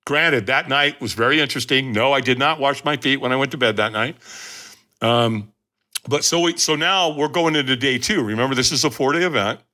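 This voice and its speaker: A man who is a podcast guest, telling a story in an animated, emphatic way and often addressing his listeners directly. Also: medium pitch, brisk.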